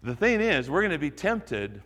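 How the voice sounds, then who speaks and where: A man's voice: on the high side, very animated, moderate pace, a bit bright. Earnest male pastor in a reverberant hall. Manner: earnest, repeats phrases for emphasis, urges the congregation. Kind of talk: sermon.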